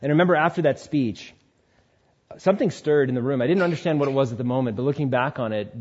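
A man giving a spoken testimony in a sermon style, telling his story in an animated way and acting out the voices in it. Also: medium pitch, slightly rough, lo-fi sound. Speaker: speaker sharing testimony.

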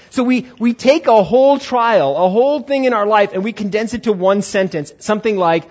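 A male pastor preaching a lively sermon and acting out quotes as he goes. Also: high voice, brisk, few pauses. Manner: animated, acts out quotes. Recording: dull lo-fi recording.

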